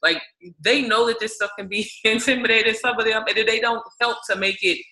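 A woman's voice: fairly high pitch, fairly even intonation, a little fast, pushed and bright, poor audio. A woman co-hosting a family channel, chatting casually at home with lots of fillers and agreeing murmurs. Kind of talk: casual chat. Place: indoors at a rented home.

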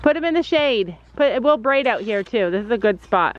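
A woman's voice: on the high side, expressive, moderate pace, phone-quality sound. A woman vlogging as a mom outdoors at a horse barn, chatting casually and explaining her gear to viewers. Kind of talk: casual vlog chat.

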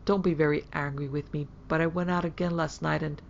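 A woman's voice: low voice, fairly even intonation, fairly quick, gravelly, dull audio, slight background noise. A woman voicing a timid, secretive young girl who talks hurriedly and nervously in a storybook reading.

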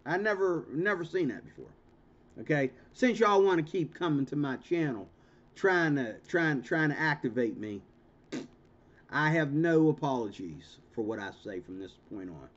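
A man's voice: a little high, expressive, normal speed. A man hosting his own channel, talking in an emphatic, confrontational monologue with lots of repeated words and restarts. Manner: emphatic, repetitive, stammering restarts; confrontational, ranting. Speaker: channel host. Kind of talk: monologue commentary vlog. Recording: dull lo-fi recording.

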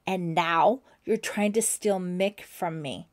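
A woman's voice: on the low side, unhurried, warm tone, natural voice. A woman voicing a jealous teenage girl who hisses her threats in fury. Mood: furious. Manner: hissing, threatening.

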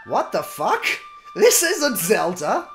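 A woman streaming a live reaction, excitable and foul-mouthed, bursting into shouts and laughter. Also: medium pitch, takes it slowly, faint music behind.

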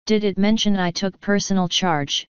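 A woman's voice: medium pitch, steady tone, moderate pace, no room sound, highs cut off, lightly acted. A woman doing a grumpy, weary police commander. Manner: gruff, grumbling.

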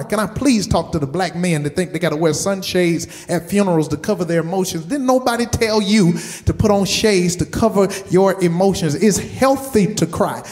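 A man's voice: high-pitched, normal speed, few pauses, a little mellow. A man preaching a sermon as pastor, stressing points by repeating words and putting direct questions to his listeners. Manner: asks the congregation direct questions.

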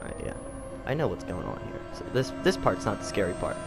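A man's voice: fairly low pitch, big pitch swings, brisk, gravelly, music in the background. A man giving casual, profanity-filled commentary while playing a horror game, jumpy and nervously joking. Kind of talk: casual let's play commentary. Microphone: desk mic.

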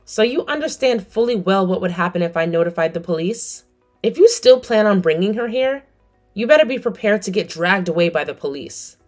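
A middle-aged woman tells her story in a cold, firm tone. Her voice is mid-pitched but swings widely, with faint music beneath it. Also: lively intonation, brisk, a little mellow. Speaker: narrator and mother. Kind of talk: scripted story narration.

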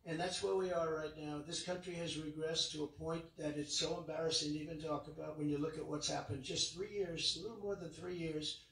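Rally speaker, man, fairly high voice, repetitive and emphatic, heard from a distance in a big arena. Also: fairly even intonation, a little fast, few pauses, fairly bright tone. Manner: repetitive, emphatic, rambling asides. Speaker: political candidate. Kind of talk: campaign rally speech. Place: large indoor arena. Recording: echoey arena, distant mic.

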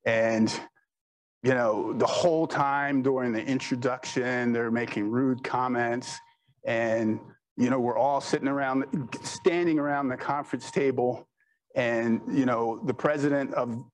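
A man's voice: mid-range voice, fairly even intonation, measured pace, slight background noise, poor audio. A man telling business anecdotes in a rambling, chatty way, leaning on "you know" and laughing at his own stories. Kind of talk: anecdotal storytelling talk.

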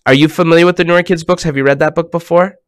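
A man hosting a children's program over a video call, talking animatedly and swinging between hushed and excited tones. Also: fairly high pitch, quick pace, clear, resonant tone, no echo.

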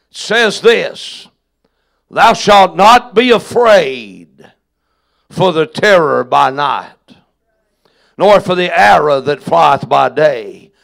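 Slow, gravelly pastor reading scripture. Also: male voice, fairly high pitch, a bit bright. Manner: solemn, deliberate scripture reading.

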